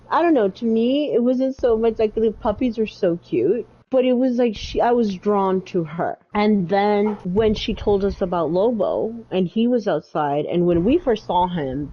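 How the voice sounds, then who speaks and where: A woman co-hosting a podcast, telling a long casual story full of fillers and restarts. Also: mid-range voice. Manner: rambling, lots of fillers and restarts. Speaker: podcast co-host. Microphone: home mic with audio issues. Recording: dull lo-fi audio.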